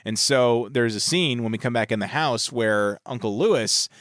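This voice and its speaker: A man co-hosts a casual podcast chat at an average pitch and retells the story with lively energy. His voice is close and dry. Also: normal speed, no room sound. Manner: animated retelling, acts out movie lines. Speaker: podcast co-host.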